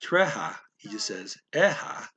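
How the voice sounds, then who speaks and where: A man slowly explaining a story word by word as a language teacher, thinking aloud with many pauses. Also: lowish voice, big pitch swings, pushed and bright, slight background noise. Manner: slow, thinking aloud, frequent fillers.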